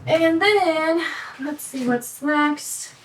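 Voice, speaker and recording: A young woman vlogging casually as she counts bills aloud, chatty and quick to correct herself. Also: sits high. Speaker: budgeting vlogger. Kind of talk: casual talk while cash stuffing. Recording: voice from a distance, faint background noise.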